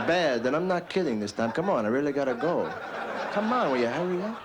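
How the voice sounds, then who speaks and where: A man's voice: fairly high pitch, very animated, quick pace, background noise. A man from Philadelphia doing a stand-up routine in a mock-earnest, exaggerated manner. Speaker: stand-up comedian. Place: comedy club stage. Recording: live comedy club with crowd laughter.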